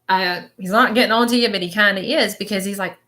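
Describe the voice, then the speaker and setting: A woman's voice: mid-range voice, fast talker, bright, forceful tone. A woman giving a live-stream reading as a spiritual medium, describing visions in a rambling, hesitant way and often checking in with "okay?". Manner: rambling, checks in with listeners with frequent "okay?" tags; describes visions in present tense, hesitant and searching.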